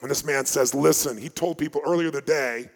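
A man giving a live motivational seminar, telling stories with emphatic delivery that swings between loud and hushed. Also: mid-range voice, brisk. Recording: long hall reverb.

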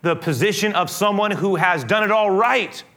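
A man preaching a sermon and then leading a prayer, earnest and emphatic, moving from loud, stressed preaching to a hushed, gentle prayer voice. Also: high voice, moderate pace. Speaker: pastor.

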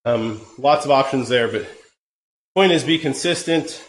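A man with a cold, hosting a live cycling-training Q&A in a relaxed, rambling way with many fillers. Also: medium pitch, a little slow. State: hoarse from a cold. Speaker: podcast host. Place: home room, riding an indoor trainer. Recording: echoey room with faint ambient noise.

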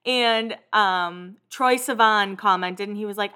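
A woman's voice: medium pitch, measured pace, bright, forceful tone, clean tone. A young woman hosting a pop culture podcast, chatting casually and animatedly about celebrity gossip, with the odd swear word. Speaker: podcast host. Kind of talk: casual chat.

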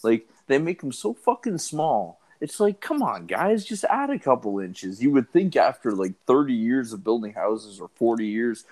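A man's voice: mid-range voice, sing-song, normal speed, hardly any pauses, darkish tone. A man in crude casual chat, complaining with swearing and rising exasperation.

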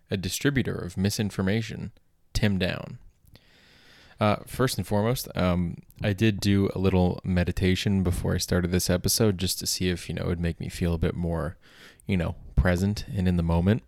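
A man with a very low voice hosting a comedy podcast alone. He rambles loosely, piling up filler words and restarts. The recording is dry and close. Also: vocal fry, a little mellow, no echo. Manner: rambling, heavy on filler words and self-corrections. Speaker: podcast host.

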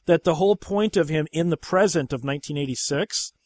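A man's voice: on the high side, brisk, darkish tone, no room sound, studio quality. A man hosting a podcast, chatting casually about movies, rambling and swearing freely. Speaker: podcast host.

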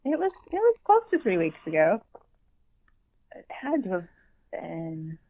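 A woman chatting casually as a podcast co-host, an animated storyteller who acts out her own reactions. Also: on the low side, a little slow. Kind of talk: casual fan chat. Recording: tinny phone-like line, dry.

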